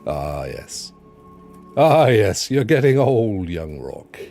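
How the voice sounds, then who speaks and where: A man's voice: fairly low pitch, sing-song, slow, dark tone, faint music behind, heavily acted. A man putting on the voice of a wry old doctor teasing a patient about getting old.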